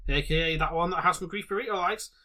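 Bright-voiced joking male podcast host. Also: high voice, quick pace. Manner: jokey, laughs often, bursts into loud shouts. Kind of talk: casual chat, reading out a game bracket.

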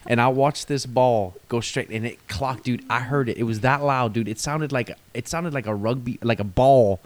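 A man co-hosting a podcast, telling stories in a casual, animated way and laughing often. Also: medium pitch, moderate pace, slight background noise. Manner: animated, laughs while telling stories, says "dude" a lot. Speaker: podcast co-host. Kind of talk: casual storytelling chat.

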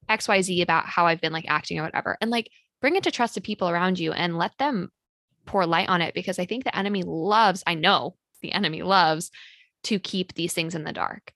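Woman podcast host, casual and chatty, lowish pitch, dry close sound. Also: fairly bright tone, dry recording. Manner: chatty, practical, frequent "like" fillers. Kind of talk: casual chat.

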